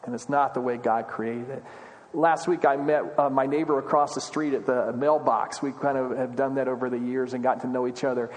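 A man's voice: medium pitch, steady tone, a little fast. A man preaching a sermon as pastor, earnest and conversational, often asking questions aloud. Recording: long reverb of a large hall.

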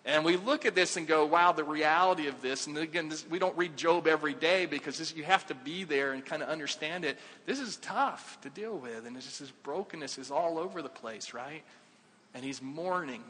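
A male pastor with a fairly high, bright voice preaches in a church hall. He talks to the congregation conversationally, tossing out questions and sinking to quiet emphasis. His voice rings with a long hall reverb. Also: brisk. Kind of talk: sermon.

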